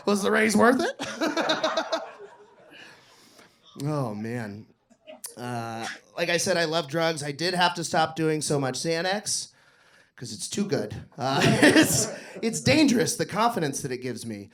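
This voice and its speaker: A man performing a crude stand-up comedy set on a club stage, yelling his punchlines and telling stories. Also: fairly high pitch, sing-song, slow pace, crowd noise. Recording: noisy live club recording.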